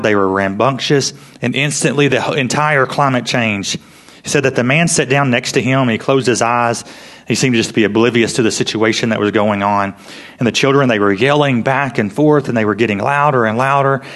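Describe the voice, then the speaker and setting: A man preaching a sermon in an earnest storytelling way, often dropping to a hush for emphasis. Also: lowish voice. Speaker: pastor.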